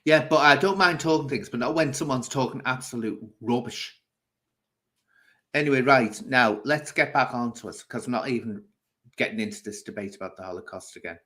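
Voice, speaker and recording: A man's voice: medium pitch, brisk, pushed and bright. Blunt man scolding live chat. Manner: blunt, scolding, addresses viewers directly. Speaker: livestream host. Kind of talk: casual livestream chat reading comments.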